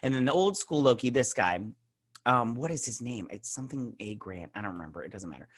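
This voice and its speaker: A man's voice: medium pitch, animated, fairly quick, slightly rough. A young man hosting a show, recapping and reviewing an episode in a rambling, snarky way, full of fillers and mocking quotes. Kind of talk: casual spoken recap and review.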